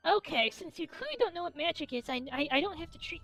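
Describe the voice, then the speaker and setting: Very high-pitched, ranting woman streamer. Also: lively intonation, fast, vocal fry, few pauses, a bit bright, no echo, highs cut off, soft background music. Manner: crude, exasperated ranting. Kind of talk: gaming stream commentary.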